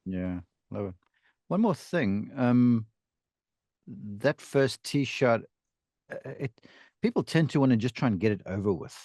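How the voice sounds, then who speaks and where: A man's voice: mid-range voice, measured pace, long pauses, dry recording, clean studio sound. A man hosting a golf podcast, telling stories and asking questions in a casual interview. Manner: storytelling, animated asides. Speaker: podcast host, golf instructor.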